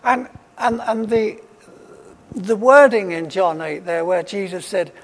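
Slow, high-voiced male preacher in a hall. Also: fairly even intonation. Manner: emphatic, repeats key phrases. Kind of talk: sermon. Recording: long hall reverb.

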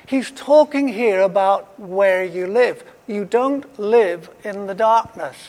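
A man's voice: sits high, slow, darkish tone. A man preaching a sermon, emphatic and repeating his key phrases for weight. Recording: long hall reverb.

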